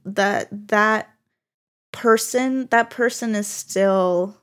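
A young woman hosting a solo podcast, speaking candidly and haltingly with many fillers and restarts, at times tearful with her voice breaking. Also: mid-range voice. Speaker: podcast host.

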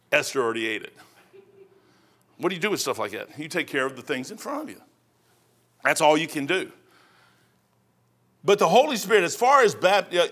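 A man preaching a sermon as pastor, telling stories in a folksy, conversational way and swinging between loud emphasis and hushed asides. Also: sits high.

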